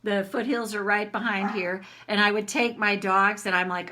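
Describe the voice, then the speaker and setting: A woman's voice: mid-range voice, steady tone, normal speed, hardly any pauses, sharp tone, a little hiss or hum. A middle-aged woman coach talking frankly to viewers in a casual live session, swearing freely and acting out her own rants.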